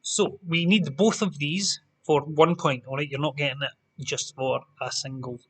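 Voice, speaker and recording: A man's voice: fairly high pitch, fairly even intonation, unhurried. A Scottish man hosting an online pub quiz, reading out answers with chatty, jokey asides to the players. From Scotland.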